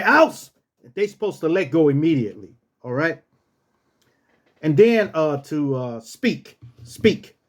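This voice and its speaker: A man tells a casual story, his voice high and swinging widely in pitch. He talks slowly and loosely, then barks each command roughly like a drill sergeant. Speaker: storyteller host.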